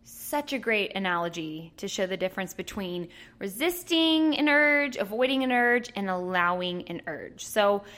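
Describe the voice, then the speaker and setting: A woman coaching in a casual, chatty way, playful and quick to laugh as she explains. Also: medium pitch, expressive, fairly bright tone. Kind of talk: casual teaching to camera.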